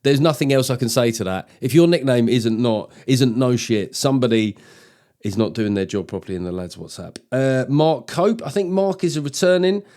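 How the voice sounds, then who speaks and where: A man's voice: medium pitch, expressive, moderate pace, darkish tone. A man hosting his own comedy podcast, talking in a loose, jokey, sweary monologue with lots of asides. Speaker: podcast host.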